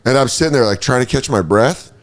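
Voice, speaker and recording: A man's voice: medium pitch, fast talker. A man in casual podcast chat, telling a story with lots of acted-out reactions and casual swearing. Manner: animated storyteller acting out his own reactions; swears freely.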